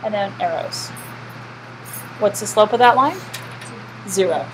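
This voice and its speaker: A woman's voice: mid-range voice, normal speed, a little hiss or hum, rough recording. A woman teaching a math class, lecturing and asking the students questions she often answers herself.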